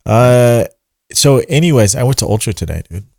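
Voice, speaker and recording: Gravelly, joking man. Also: mid-range voice, expressive, moderate pace, a little mellow, no echo, studio quality. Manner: joking, laughs often. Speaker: podcast co-host. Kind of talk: casual chat.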